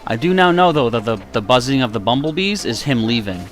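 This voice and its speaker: Man, game streamer, slightly nasal, chatty and self-mocking, animated pitch. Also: fairly quick, soft background music. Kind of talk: casual live-stream commentary. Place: warm room indoors.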